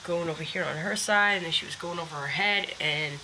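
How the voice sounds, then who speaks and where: A woman's voice: fairly low pitch, fairly quick, background noise. A woman keeper of backyard chickens, talking casually about her hens while filming on a phone, with many restarts and fillers. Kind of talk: casual phone vlog narration. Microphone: phone camera.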